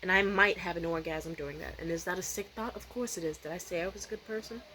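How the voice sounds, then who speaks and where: A woman's voice: lowish voice, quick pace, bright, forceful tone, a little hiss or hum, low-quality recording. A woman vlogger telling a rambling, profane, candid story in a casual way, often restarting her sentences.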